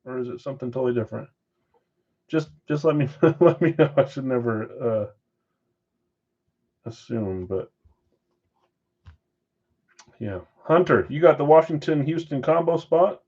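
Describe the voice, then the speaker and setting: A man hosting a live-stream card break, briskly calling out names and assignments with chatty asides in between. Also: medium pitch, animated, highs cut off. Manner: brisk name-and-team roll call with chatty asides. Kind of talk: casual live-stream roll call.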